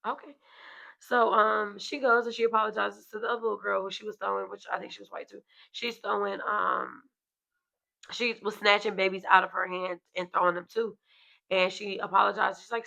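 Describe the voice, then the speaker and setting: A woman and mother co-hosting a podcast, telling a story in casual chat, animated and swearing freely as she acts out what others said. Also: medium pitch, brisk, gravelly, poor audio.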